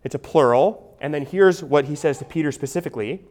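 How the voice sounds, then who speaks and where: A man's voice: fairly high pitch, a little fast, a little mellow. A man preaching an expository sermon as a pastor, explaining in a conversational teaching manner with frequent restarts and an asked "right?".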